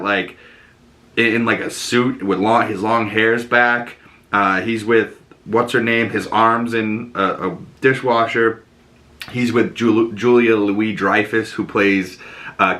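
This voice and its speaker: A young man hosting a casual vlog from home. His voice sits fairly low but sounds bright and forceful, and he talks in a loose, rambling way with lots of fillers. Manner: rambling, chatty with many fillers. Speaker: host.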